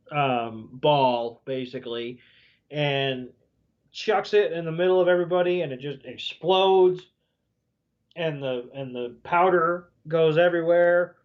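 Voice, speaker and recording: A man's voice: a little high, muffled recording. A man co-hosting a podcast, recapping a cartoon episode in rambling casual chat full of "you know", swearing now and then. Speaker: podcast co-host.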